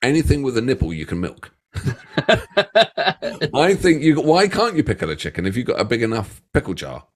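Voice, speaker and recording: A man with an English accent co-hosting a reaction video, bantering and teasing in a casual, animated way. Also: mid-range voice, a little fast, long pauses. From England. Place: home studio.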